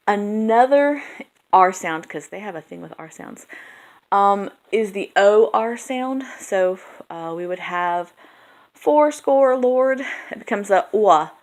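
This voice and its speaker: A woman drama teacher talking through a lesson plan in a casual, chatty way, full of ums, pausing to demonstrate vowel sounds. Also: fairly low pitch.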